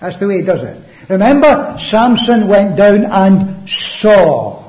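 A man preaching a sermon emphatically, with rhetorical questions and swings between loud and hushed delivery. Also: high voice, sing-song, slow pace. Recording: dull lo-fi sound.

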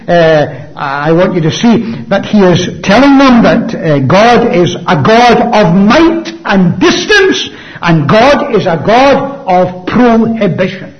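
A man preaching a sermon emphatically, with rhetorical questions and swings between loud and hushed delivery. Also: high-pitched, sing-song, unhurried. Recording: dull lo-fi sound.

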